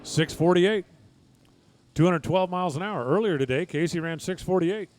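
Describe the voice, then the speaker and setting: A man's voice: high voice, normal speed, a little mellow, no echo. A man giving live drag racing commentary, reading times and speeds with folksy, joking asides.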